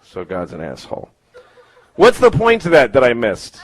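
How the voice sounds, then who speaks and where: A man's voice: mid-range voice, wildly swooping pitch, normal speed, low-quality recording. A man doing a stand-up set in a comedy club, rambling and profane, with self-mocking asides.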